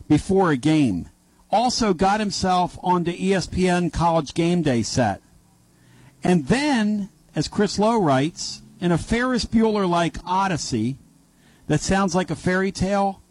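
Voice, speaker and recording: A male sports talk radio host spins a loose, rambling story full of asides and corrections. His voice sits a bit higher than most men's, and it is recorded dry and close on a studio mic. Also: darkish tone, no room sound, low-quality recording. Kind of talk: casual storytelling monologue.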